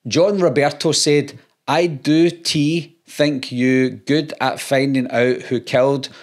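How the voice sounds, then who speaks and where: A Scottish man and YouTuber, reading out comments in casual talk with dry, sarcastic comebacks. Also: medium pitch. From Scotland.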